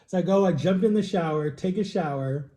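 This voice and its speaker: A young man casually telling a story while tasting wine, animated, acting out quotes with jumps in pitch. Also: a little fast, echoey room. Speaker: vlogger.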